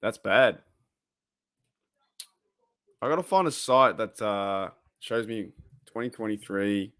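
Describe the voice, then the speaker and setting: Reading his viewers' chat out loud, a young man from Australia runs a casual livestream in a rambling, loose, chatty way. His voice is lowish yet fairly bright, and his pace is slow.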